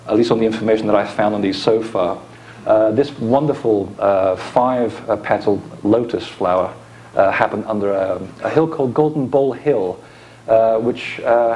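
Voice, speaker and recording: A man's voice: on the low side, darkish tone, slight background noise. A man giving an informal conference lecture with slides, explaining with dry asides into a microphone in a lecture hall.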